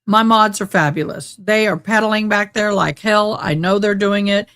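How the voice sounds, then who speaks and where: A woman's voice: mid-range voice, moderate pace, a bit bright. A woman hosting a casual livestream, talking in agitated, ranting bursts. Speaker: YouTube livestream host. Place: home room with sunlight through window. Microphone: desk mic close by.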